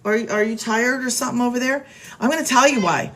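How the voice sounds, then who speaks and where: A woman's voice: fairly high pitch, fast talker, a bit bright, a little hiss or hum. A middle-aged woman hosting a casual live stream from home, chatty and upbeat, talking straight to her viewers and reading out their names. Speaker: live stream host selling online business programs. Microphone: phone.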